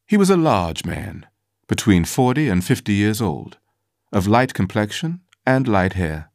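A man giving scripted first-person audiobook narration in a measured, formal storytelling manner. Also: on the low side, big pitch swings, gravelly, dry recording, clean studio sound.

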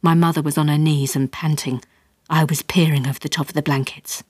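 A woman's voice: low voice, fairly quick, slightly rough, no room sound, studio quality. Woman reading a comic memoir. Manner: lively comic storytelling, rising with excitement. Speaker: author reading her own memoir. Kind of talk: storybook reading. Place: radio studio.

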